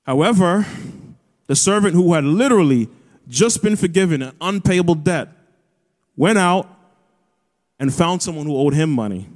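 A pastor preaching a sermon in an earnest way, rising to emphatic high peaks as he retells a scripture story. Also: animated, moderate pace, long pauses, darkish tone. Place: church auditorium. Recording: long hall reverb.

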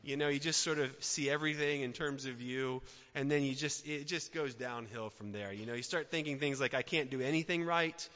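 A man preaching a sermon as a pastor, swinging between loud emphatic outbursts and quiet, soft asides. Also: medium pitch, a little fast, few pauses. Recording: dull sound with long hall reverb.

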